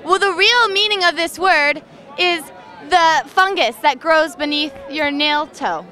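A woman's voice: high voice, a little slow, sharp tone, some chatter behind. A woman hosting a playful street interview, teasing passers-by with a word quiz. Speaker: host. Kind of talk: street vox-pop interviewing.

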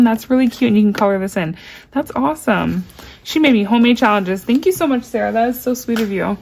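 Gushing excited woman unboxing. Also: medium pitch. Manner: gushing and excitable, reads cards aloud slowly. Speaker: unboxing vlogger. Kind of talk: casual unboxing chat.

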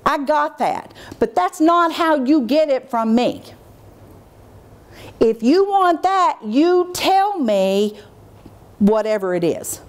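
A middle-aged woman gives a lively, animated workshop lecture for teacher training. When acting out what she says to children, she drops into a lowered, measured voice.

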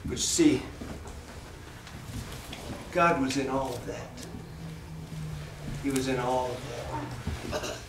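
Man, children's Sunday school teacher, animated storytelling, slow, echoey classroom, distant mic, faint hiss. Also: fairly high pitch. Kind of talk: Bible story lesson for children. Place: church classroom.

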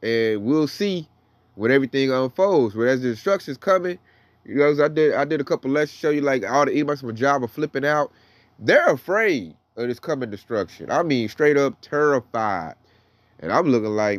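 A man's voice: medium pitch, lively intonation, moderate pace, no room sound. Man preaching in loose street slang. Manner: loose slangy preaching, reads verses aloud. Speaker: Bible teacher. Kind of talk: casual sermon with scripture reading.

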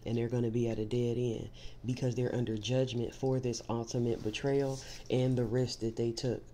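A woman with a dark bass voice and level tone reads tarot at a moderate pace, a little hiss or hum in the background. Directly addressing the listener, she's emphatic and reassuring in this spiritual reading, often beginning points with "see" for emphasis.

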